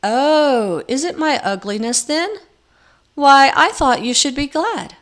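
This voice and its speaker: Woman putting on a croaking old forest crone. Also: sits high, animated, slow pace, a bit bright, voice pushed up, exaggerated voice. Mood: wheedling. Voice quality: crackly, croaking.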